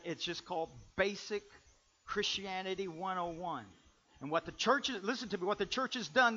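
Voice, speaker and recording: A male pastor preaching with a bright, forceful, fairly high voice. He swings between loud bursts and quiet, confiding asides. The recording sounds dull and lo-fi. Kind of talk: sermon.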